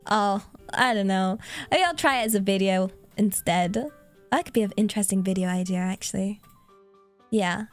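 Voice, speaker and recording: A woman VTuber streamer chatting casually with her viewers, giggling often and thinking aloud with lots of fillers. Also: medium pitch. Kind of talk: casual livestream chat, reading donations.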